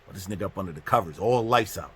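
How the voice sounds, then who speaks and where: A man's voice: low-pitched, animated, racing, a little hiss or hum. A man casually telling a story from prison, acting out the other people in it. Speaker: storyteller host.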